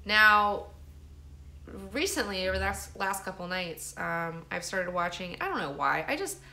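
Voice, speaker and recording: This woman vlogger's medium-pitched voice is creaky, bright, and forceful, with lively intonation and a slightly slow pace. Her casual storytelling monologue rambles, includes profanity, and is full of "like."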